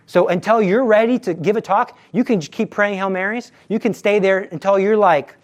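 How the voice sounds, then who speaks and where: A man's voice: sits high, fairly quick. A man speaking earnestly and conversationally as a retreat speaker, giving an informal religious talk to teens and repeating his assurances. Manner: acts out quoted dialogue.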